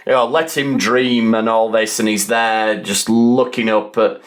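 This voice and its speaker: A man's voice: lowish voice, steady tone, measured pace. A man, hosting a casual podcast roundtable and rambling with dry asides.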